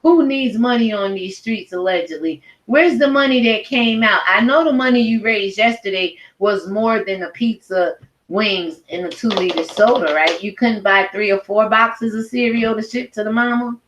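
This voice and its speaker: A woman's voice: mid-range voice, moderate pace, a bit bright. A middle-aged woman ranting at home in a blunt, profane, heated commentary video. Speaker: commentary vlogger. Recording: roomy echo.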